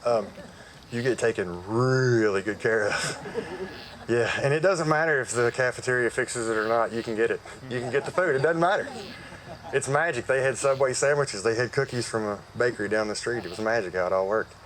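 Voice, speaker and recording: A man's voice: medium pitch, fairly quick, a bit bright, a little hiss or hum, poor audio. Folksy man giving testimony. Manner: folksy and conversational, with frequent fillers. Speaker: church member giving testimony. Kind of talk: personal testimony, storytelling. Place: outdoor worship service.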